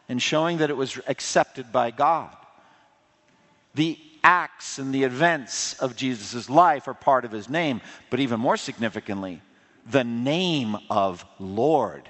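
A man preaching a sermon with passion, surging louder on key points and dropping low and quiet for personal appeals. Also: a little slow. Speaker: pastor. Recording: long hall reverb.

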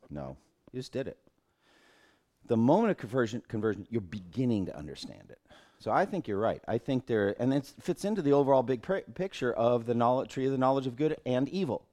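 A man's voice: mid-range voice, a little mellow. A middle-aged man, a pastor, teaching a Bible class in an earnest way, thinking aloud and often restarting his phrases.

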